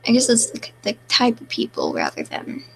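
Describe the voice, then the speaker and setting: A young woman streaming live, reading chat comments aloud and answering in a deadpan, self-mocking way. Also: medium pitch, normal speed, gravelly, slight background noise, poor audio.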